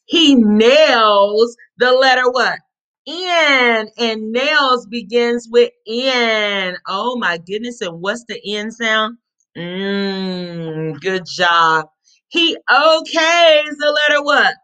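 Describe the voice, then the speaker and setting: Bright, slow encouraging teacher woman. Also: on the high side. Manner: encouraging, drawn-out letter sounds, sing-song prompts. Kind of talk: read-aloud phonics lesson for young children.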